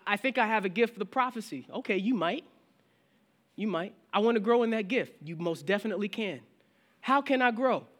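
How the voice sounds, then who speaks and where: A man with a high voice preaches to his congregation in a relaxed, conversational tone. He often stops and restarts his sentences. He also acts out the questions his listeners might ask him. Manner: frequent restarts and filler phrases. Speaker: pastor. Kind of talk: sermon.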